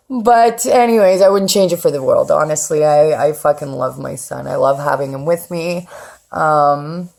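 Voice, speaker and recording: A woman in her thirties tells her own story in a candid vlog. Her voice sits low with a gravelly fry, and she speaks bluntly and swears often. She slips into the voices of the people she quotes. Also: a little slow, darkish tone. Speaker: vlogger telling her life story.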